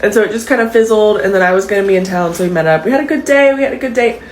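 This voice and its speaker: A woman telling a dating story into her phone while tearful, rambling and halting with fillers. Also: mid-range voice, reverberant, slight background noise, rough recording. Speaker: TikTok poster. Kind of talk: confessional vlog.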